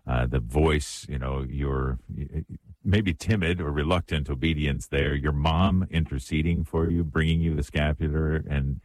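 Male host, very deep, dry studio sound, encouraging. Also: normal speed, darkish tone, no echo. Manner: encouraging, brief affirmations. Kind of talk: radio talk show hosting.

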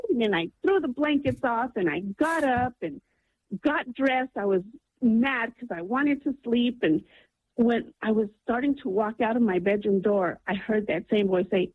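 A woman's voice: a little high, lively intonation, normal speed, breathy edge, dry recording. Woman caller on a tinny phone line. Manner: earnest, breathless storytelling with many ums. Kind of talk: phone-in storytelling.

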